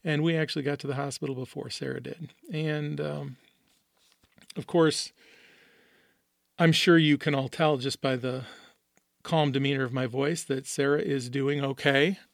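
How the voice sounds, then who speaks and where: A middle-aged man from the American Midwest talks through a personal story on his podcast, earnest and openly emotional. His voice has a gravelly edge. The sound is dry and close, with no room around it. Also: medium pitch, steady tone, moderate pace, long pauses, dry recording. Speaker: podcast host. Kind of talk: personal monologue.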